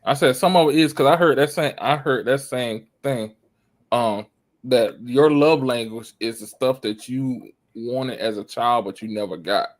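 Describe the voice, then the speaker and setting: A person in casual podcast chat, telling stories in a lively way and acting out quotes. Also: medium pitch, a little slow. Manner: lively storyteller, acts out quotes.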